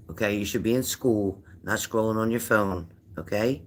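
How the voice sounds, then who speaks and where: A man's voice: fairly low pitch, normal speed, few pauses. Tired older man chatting on a livestream. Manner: chatty, rambling, greets viewers by name. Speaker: psychic livestream host. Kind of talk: casual livestream chat reading viewer comments.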